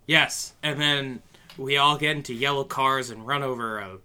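A man's voice: medium pitch, steady tone, normal speed, sharp tone, clean tone. A man co-hosting a podcast, chatting casually with joking asides. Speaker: podcast co-host. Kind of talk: casual chat.

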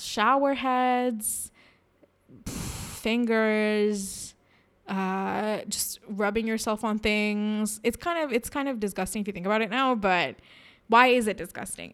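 A woman's voice: mid-range voice, a little slow, a bit bright, clear, resonant tone. Frank, laughing young woman. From India. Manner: frank, laughs often, self-conscious. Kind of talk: candid personal monologue.

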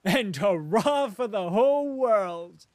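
A man's voice: extremely high pitch, expressive, moderate pace, dry recording, clean studio sound, pitched above the performer's own voice. A man voicing a cheerful, eager young cavalry officer. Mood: jubilant. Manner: bright, eager.

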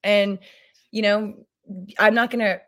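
This woman in her thirties has a mid-range, slightly bright voice, with a flat delivery and a slow pace. As a podcast guest in casual chat, she rambles, fumbles her sentences and often laughs.

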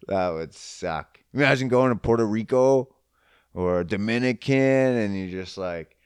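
A man with a fairly low, darkish, smooth voice talks slowly and pauses often, recorded dry with clean studio sound. In a casual, profane monologue he rambles crudely about fitness and diet, joking around and voicing both sides of conversations in quotes.

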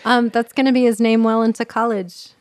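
A woman co-hosting a relaxed film podcast with a voice a little above average in pitch. She talks in a chatty, laughing way and swears casually. The recording is close and dry. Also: brisk, no room sound. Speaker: podcast co-host. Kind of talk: casual movie chat.

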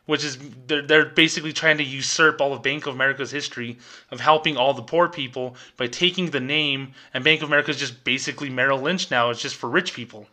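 A middle-aged man talks on his podcast in a sarcastic, exasperated rant, picking apart stiff corporate language. His voice has a bright, forceful edge, and he keeps a mocking tone throughout. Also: medium pitch, steady tone, fast. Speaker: podcast host, former bank employee. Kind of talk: ranting commentary.

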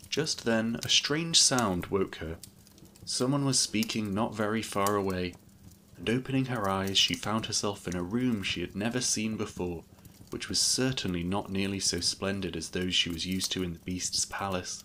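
A man narrating a classic fairy tale in a steady, measured storybook reading. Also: fairly low pitch, a little hiss or hum.

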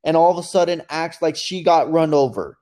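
A man's voice: on the high side, brisk. A man co-hosting a casual talk show, telling a story and acting out quotes as he goes. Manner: animated storytelling, acts out quotes. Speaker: podcast co-host. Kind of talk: casual commentary chat.

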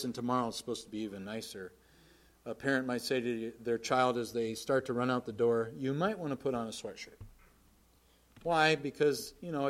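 Earnest male preacher delivering a sermon. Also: mid-range voice. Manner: emphatic, swings from loud to quiet.

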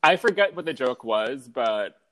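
A man in loose conversation, tossing out quick jokes and cheering the others on. His voice sits at an ordinary middle pitch. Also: big pitch swings, sharp tone. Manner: quick, joking banter with frequent agreement. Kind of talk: casual chat.

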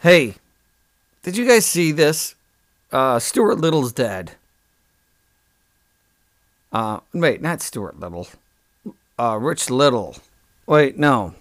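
A man hosts a comic podcast monologue, rambling in a deadpan way and often stopping to correct himself. His voice sits at a middle pitch. He talks close to the mic in a dry room. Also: slow, pauses often, dry recording. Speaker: podcast host.

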